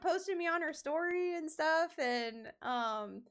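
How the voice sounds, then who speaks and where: Chatty rambling woman, a bit high. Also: normal speed, hardly any pauses, a bit bright. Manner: rambling, with many fillers and restarts. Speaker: cosplayer and streamer. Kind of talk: casual stream chat.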